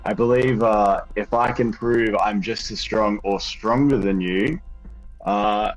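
A man playing a tabletop game, speaking hesitantly with many pauses. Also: on the low side, soft background music, rough recording. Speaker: player. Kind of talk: tabletop role-play.

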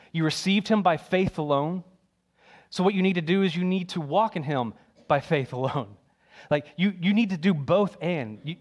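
Emphatic conversational male preacher. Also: sits high. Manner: emphatic, conversational, repeats key phrases. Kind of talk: sermon.

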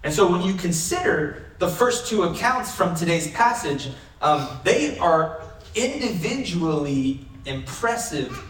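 Man pastor, conversational sermon, rhetorical questions, slightly high voice, echoey hall, mic far off. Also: big pitch swings, a little slow, fairly bright tone.

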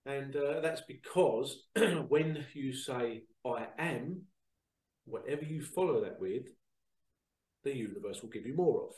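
A man hosting a show, talking casually to viewers in a chatty, animated storytelling way that repeats phrases. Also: mid-range voice, unhurried, far from the mic. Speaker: psychic reader and show host. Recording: roomy sound, away from the mic.

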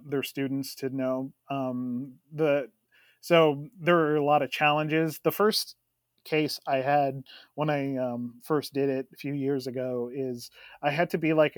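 A young man co-hosting a podcast, telling stories in an animated, laughing way. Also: on the high side, no room sound, studio quality. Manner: animated, storytelling with frequent laughs. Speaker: podcast co-host. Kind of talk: casual chat.

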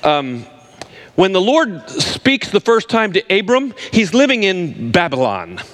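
Male preacher, slightly high voice, emphatic sermon delivery that leans on repetition. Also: huge pitch swings, measured pace, a bit bright. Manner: emphatic, repeats words for stress, addresses listeners directly.

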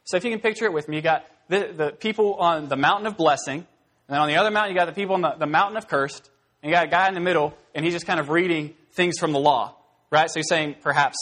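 Conversational male preacher, slightly high voice. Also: quick pace. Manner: casual, conversational, with fillers and asides; animated storytelling, acting out scenes. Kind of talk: expository sermon.

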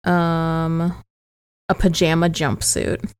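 A woman hosting a podcast, chatting casually, relaxed and self-deprecating, quick to laugh. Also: low voice, smooth. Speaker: podcast host. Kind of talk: casual chat.

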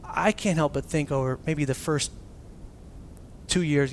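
A man preaching a casual, animated sermon as a pastor, swinging from loud emphasis down to near-whispers and acting out quotes. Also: on the high side, measured pace, a little hiss or hum.

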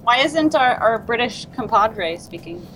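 A woman's voice: fairly high pitch, lively intonation, unhurried, fairly bright tone, soft background music, rough recording. A woman co-hosting a show, teasing and playful in casual banter. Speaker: podcast co-host. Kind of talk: casual prank-call banter.

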